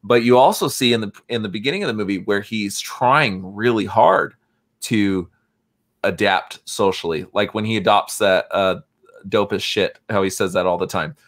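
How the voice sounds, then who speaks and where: A man's voice: lowish voice, normal speed, a bit bright. A man chatting casually on a podcast about a film, hesitant and filler-heavy. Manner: hesitant, lots of fillers and restarts. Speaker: podcast co-host.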